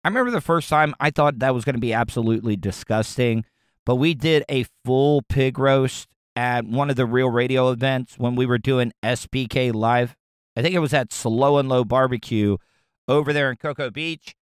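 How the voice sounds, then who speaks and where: A man's voice: medium pitch, normal speed, clear, resonant tone, no room sound, clean studio sound. A man hosting a radio show, riffing on a news story with crude, rambling jokes and frequent restarts. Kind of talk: casual comedic commentary.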